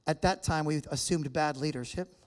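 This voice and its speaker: On the high side and at normal speed, an American man serves as guest speaker in a church hall with a live audience. His talk is casual and joking, and he chats with the crowd throughout.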